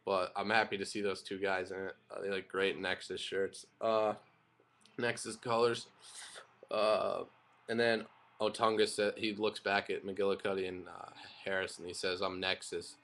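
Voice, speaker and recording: A man's voice: low-pitched, level tone, moderate pace, gravelly, fairly bright tone. A young man casually recapping and reviewing a wrestling broadcast, rambling and opinionated, with frequent fillers and restarts.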